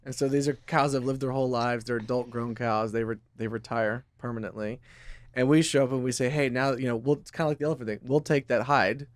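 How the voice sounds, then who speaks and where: A man's voice: medium pitch, fairly even intonation, quick pace, no room sound. A man from Texas, a company founder, chatting as a podcast guest and explaining things earnestly with many fillers. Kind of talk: casual podcast chat.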